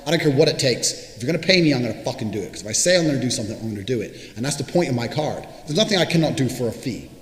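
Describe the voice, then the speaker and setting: A man's voice: medium pitch, expressive, rapid-fire, hardly any pauses. A young man giving a brash, boastful monologue to camera, swearing freely as he speaks. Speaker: motivational speaker. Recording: echoey room with long reverb, faint music.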